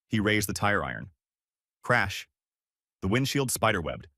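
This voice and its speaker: A man's voice: fairly low pitch, big pitch swings, unhurried, long pauses, bright, forceful tone, no room sound, clean studio sound. A man narrating a dramatic first-person family story in short, terse lines.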